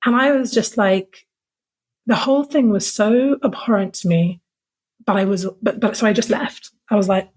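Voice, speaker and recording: Woman, podcast guest, husky breathy voice, candid storytelling, lots of "like". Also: medium pitch, brisk. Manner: casual, fillers of "like", frank and emotional. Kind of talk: candid personal storytelling in conversation.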